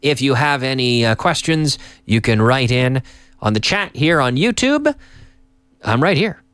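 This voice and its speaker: A man hosting a live lesson, upbeat and teacherly, repeating phrases slowly for learners. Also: medium pitch, sing-song, a bit bright, smooth, dry recording. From Canada. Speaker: English teacher and host. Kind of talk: live-streamed English lesson.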